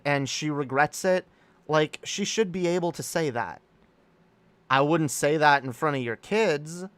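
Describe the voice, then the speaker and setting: A man hosting a casual livestream, talking in a rambling, halting way with many restarts and reading viewer comments aloud to react to them. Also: mid-range voice, a bit bright, clean tone, dry recording. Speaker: streamer host.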